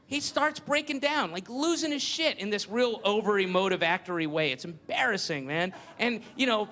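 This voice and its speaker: A man's voice: high voice, animated, moderate pace, few pauses, pushed and bright. A man doing a stand-up routine, telling a rambling, sarcastic, profane story on stage. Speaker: stand-up comedian.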